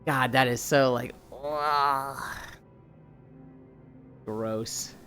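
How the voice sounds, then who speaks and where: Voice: mid-range voice, steady tone, extremely slow, a bit bright, faint music behind. A livestreamer chatting casually and reading viewer messages aloud, blunt and sighing often, swearing freely.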